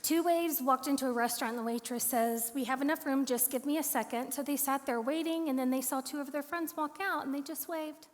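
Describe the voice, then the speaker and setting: A woman's voice: sits high, fairly quick, few pauses. A woman performing live improv comedy, telling story-style joke setups. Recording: distant, long hall reverb.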